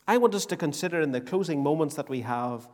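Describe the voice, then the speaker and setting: A man's voice: fairly high pitch, animated, quick pace. A man from Northern Ireland preaching a sermon in a church hall, emphatic and repetitive, with rhetorical questions. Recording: long reverb of a church hall.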